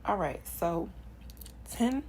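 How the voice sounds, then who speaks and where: A woman's voice: fairly low pitch, lively intonation, very slow, slight background noise, low-quality recording. A young woman doing a channeled tarot reading, preaching affirmations with passion and sighing between lines. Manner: impassioned, preachy, repetitive affirmations. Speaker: spiritual card reader.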